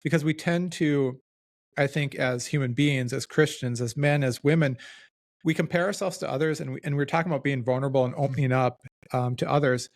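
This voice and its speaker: Podcast host: man, gravelly voice, reflective and self-deprecating, casual, dry close sound. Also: medium pitch, brisk, dry recording. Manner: reflective, self-deprecating, talks in loose restarts.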